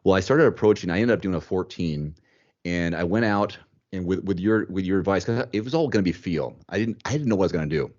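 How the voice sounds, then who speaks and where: Deep-voiced man, animated podcast host. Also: fast, dull audio. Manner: animated, thinks aloud, repeats words. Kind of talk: casual chat.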